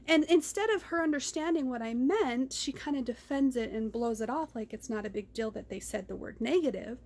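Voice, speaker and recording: A woman's voice: high-pitched, lively intonation, brisk, darkish tone. A woman talking in a raw personal vlog, rambling and ranting, often repeating herself. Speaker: vlogger. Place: car.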